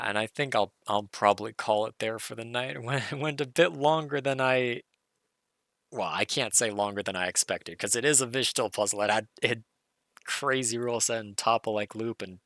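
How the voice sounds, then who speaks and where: Gravelly man thinking aloud over a puzzle. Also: medium pitch, moderate pace, no room sound, clean studio sound. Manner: muttering, self-correcting, excited. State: hoarse. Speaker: puzzle streamer.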